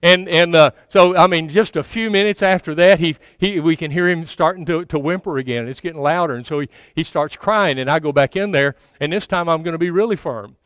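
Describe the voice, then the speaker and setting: A man's voice: fairly high pitch, brisk, hardly any pauses, a bit bright, clear, resonant tone, no echo. A man in his sixties giving a sermon as a pastor, telling a story in a folksy, self-mocking way, often stammering and repeating words. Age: 60s.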